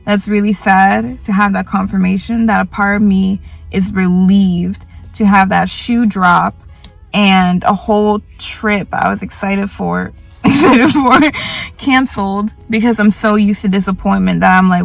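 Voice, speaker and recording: A young woman vlogs casually from a grocery store, tired and poking fun at herself as she rambles through her worries and mimics other people in put-on voices. Her voice is medium-pitched and gravelly, with a steady tone and an unhurried pace. It plays like a casual confessional.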